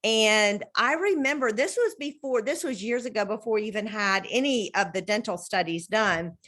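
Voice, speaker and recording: A woman hosts a casual video-call chat from her home at a moderate pace, telling stories as an animated storyteller. She acts out quotes vividly, with big jumps in pitch.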